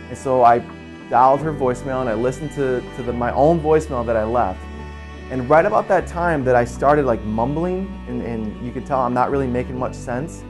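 A man in his forties, a pastor, telling an earnest personal story in a quiet, soft-spoken way. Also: medium pitch. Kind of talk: personal testimony in a church video. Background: soft guitar music.

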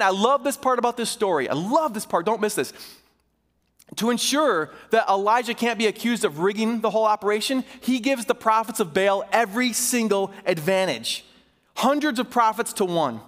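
A male pastor preaching an impassioned sermon in a church sanctuary, swinging between urgent and slow, emphatic delivery. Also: sits high, animated, a bit bright. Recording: reverberant hall.

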